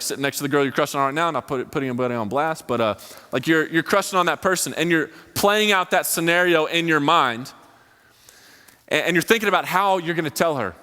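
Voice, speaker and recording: A man's voice: on the high side, pushed and bright, clear, resonant tone. A young man giving a casual, rambling sermon, full of fillers, to a live audience. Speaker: college ministry speaker. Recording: long hall reverb.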